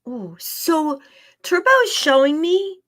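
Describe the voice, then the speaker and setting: Lively, chatty woman animal communicator. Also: high-pitched, slow. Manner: lively, chatty, laughs often, repeats herself. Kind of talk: live-stream reading.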